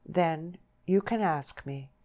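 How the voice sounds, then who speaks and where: A woman's voice: sits low, slow, mellow. A woman voicing an earnest young countrywoman who speaks in rustic dialect, pleading and proud.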